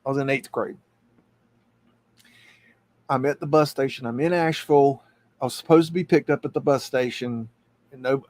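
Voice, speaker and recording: A middle-aged man hosting a live stream, telling a personal story in a halting, earnest way. He restarts and repeats words as he goes, and points things out on a map. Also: mid-range voice, a little mellow. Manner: tells the story while pointing at a map on screen. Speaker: host.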